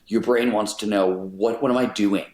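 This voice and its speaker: Man, low voice, middle-aged, emphatic, explanatory, casual interview, roomy echo. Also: steady tone, moderate pace, darkish tone. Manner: emphatic, explanatory, drops occasional swear words. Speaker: podcast guest, author. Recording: roomy echoey sound.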